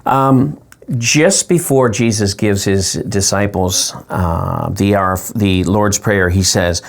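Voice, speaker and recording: A pastor gives a short devotional teaching talk in a friendly, conversational way. His voice sits low and carries a gravelly, fry-laden texture. He slows down deliberately to stress words.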